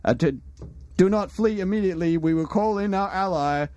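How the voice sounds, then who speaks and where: A man's voice: a little high, lively intonation, normal speed, a little mellow, no room sound, pitched above the performer's own voice, natural voice. A man voicing a stern, threatening male starship captain with a French accent. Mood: menacing. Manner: formal, menacing.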